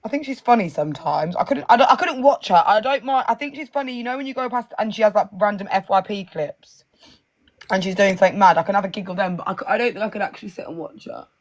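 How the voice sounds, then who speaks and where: Fast-talking, teasing young woman. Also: medium pitch, lo-fi sound. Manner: teasing, playful banter. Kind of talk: casual livestream chat.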